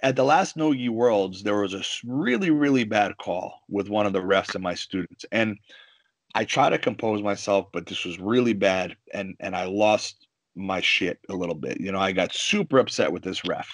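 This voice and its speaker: A man telling stories in a casual podcast chat, animated and swearing freely. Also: lowish voice, normal speed, no echo, low-quality recording. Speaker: guest, jiu-jitsu coach and fighter.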